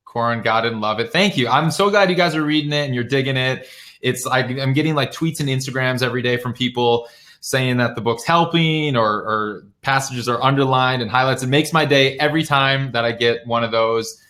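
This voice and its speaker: A man's voice: mid-range voice, fairly quick, sharp tone. A young man chatting casually on a live stream, greeting viewers by name and reading out their comments. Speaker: author and musician hosting a live stream. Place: home, near his bookshelf.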